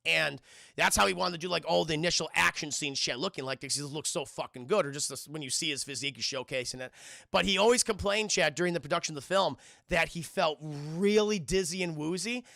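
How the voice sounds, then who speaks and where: A man's voice: on the high side, fairly quick, gravelly, sharp tone, no room sound, clean studio sound. A man doing a rambling, profane scene-by-scene film review, talking straight to his live chat. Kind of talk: casual livestream film review.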